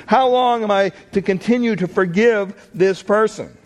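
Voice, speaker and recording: A man preaching a sermon with a somewhat high voice. He talks in a conversational way, asking questions straight to the congregation. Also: moderate pace. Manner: conversational, asks the listeners questions. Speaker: pastor.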